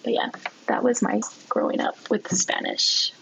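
Young woman, halting and full of "like". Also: a little high, huge pitch swings, gravelly, fairly bright tone, a little hiss or hum, poor audio. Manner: halting, says "like" constantly. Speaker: podcast guest. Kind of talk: casual chat.

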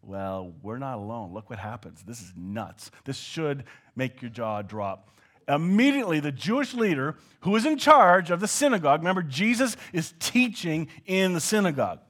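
Man, Canadian accent, pastor, sermon, joking, slightly high voice, dips into hushed tones. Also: sing-song, normal speed.

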